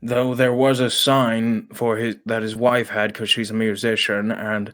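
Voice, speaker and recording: A man's voice: fairly low pitch, flat delivery, a little slow, a bit bright. A man co-hosting a casual podcast, telling a story in a put-on British accent and humming little filler syllables between sentences. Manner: keeps up a mock British voice, hums little "pa pa pa" fillers. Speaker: podcast co-host.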